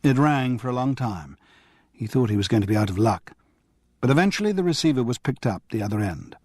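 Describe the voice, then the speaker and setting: A man reading a cozy mystery audiobook as narrator, with expressive storytelling delivery. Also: mid-range voice, brisk, no room sound, studio quality. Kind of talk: scripted narration.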